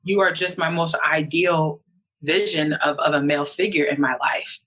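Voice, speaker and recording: A woman's voice: sits low, fairly even intonation, normal speed, sharp tone, low-quality recording. A young woman from New York, a guest in a casual interview, talking animatedly and acting out quoted voices. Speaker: podcast guest.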